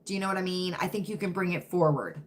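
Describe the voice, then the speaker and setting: A woman's voice: fairly low pitch, fast. A woman from Virginia with a faint Southern accent, hosting a casual livestream and chatting with viewers, often checking in with "right?" and "you know what I mean?". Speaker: livestream host reading chat.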